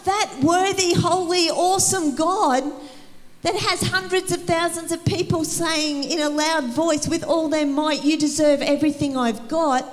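A woman preaching an energetic sermon in a church, rallying the congregation and calling for responses. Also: high-pitched, moderate pace, few pauses, big-room sound. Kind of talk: sermon to a church youth service. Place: church hall.

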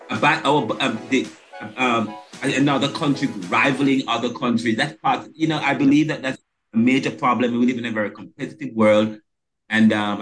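A man's voice: mid-range voice, a bit bright. A man from the Caribbean hosting a podcast interview, talking emphatically and stressing single words with many restarts. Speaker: podcast host. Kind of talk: casual interview conversation.

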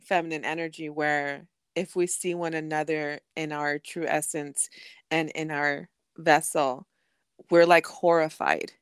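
Woman, podcast co-host, casual chat, lively storytelling, cusses, dry room. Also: a little slow, clean tone, no room sound. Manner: animated storyteller, bursts into laughter and high squeals; swears freely, mixes in Spanish phrases.

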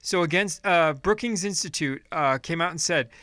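A man's voice: on the high side, moderate pace, bright, forceful tone, dry recording. Angry swearing man ranting on a podcast. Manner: angry, profane, reads aloud then rants. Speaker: podcast host.

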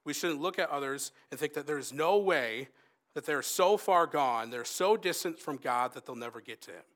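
A man preaching a sermon in an earnest, conversational way, rising for emphasis and softening for quoted asides. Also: on the high side, lively intonation, moderate pace.

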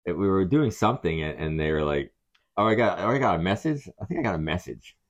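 A middle-aged man co-hosting a casual podcast, joking and swearing, often dropping into a mock-deep seductive voice. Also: animated, fast. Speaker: podcast co-host. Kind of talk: casual chat.

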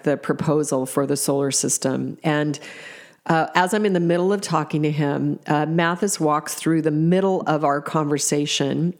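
A woman's voice: deep voice, darkish tone. A middle-aged woman telling personal stories in a reflective way, with fillers and restarts. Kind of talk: personal storytelling.

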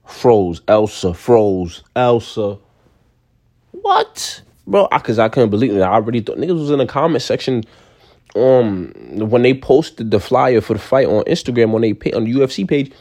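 A young man ranting casually in slang, given to sudden high-pitched outbursts. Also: moderate pace, a little mellow. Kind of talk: casual rant to camera.

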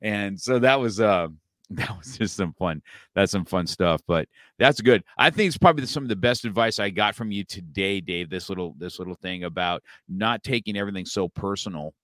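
A man's voice: low voice, moderate pace, fairly bright tone, dry recording, clean studio sound. A male podcast host in casual chat, joking, laughing often and tacking "right?" and "man" onto his lines.

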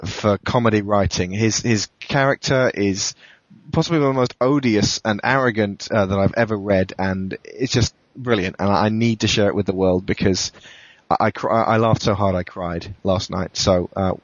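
A man's voice: on the low side, fairly even intonation, moderate pace, no room sound. Man, casual podcast reader, amused, lo-fi sound. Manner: amused, laughing at the text while reading. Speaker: podcast host. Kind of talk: casual reading aloud of a friend's story.

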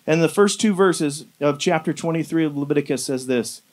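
A pastor preaching a casual, conversational sermon, animated and sprinkled with fillers. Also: male voice, a little high, a little fast.

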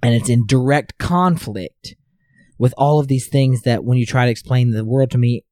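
A speaker with a mellow, mid-pitched voice reflects earnestly in casual talk. They often restart and repeat words as they work through their thoughts. The sound is dry and close to the mic. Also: moderate pace, dry recording. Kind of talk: casual conversation.

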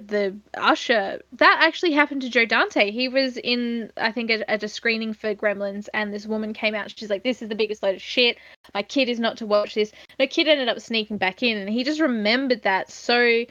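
A woman's voice: fairly high pitch, fairly quick, bright, forceful tone, dry recording, highs cut off. A woman co-hosting a casual film chat, chatty and full of fillers, sharing behind-the-scenes trivia. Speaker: podcast co-host.

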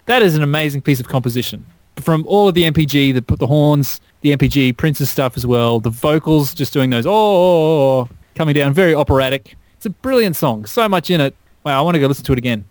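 A man excitedly breaking down a song's arrangement in a casual podcast chat. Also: a little high, quick pace, dry recording. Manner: enthusiastic, detailed song analysis. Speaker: podcast co-host. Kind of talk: casual music discussion.

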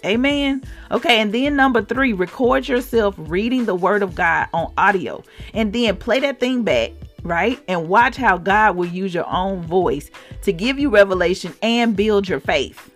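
Southern lady on a faith podcast, lively up and down voice, calling out to y'all, soft music behind. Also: mid-range voice, a little slow. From Mississippi, US South. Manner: animated, exhorting, addresses listeners as y'all. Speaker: podcast host, faith encourager. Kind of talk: informal devotional podcast talk.

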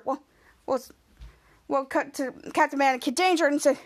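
A woman hosting a podcast, retelling an episode scene by scene in a casual, rambling way. Her voice is very high, and she often stops and restarts her sentences. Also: steady tone, normal speed, long pauses. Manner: rambling, self-correcting retelling. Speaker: podcast host.

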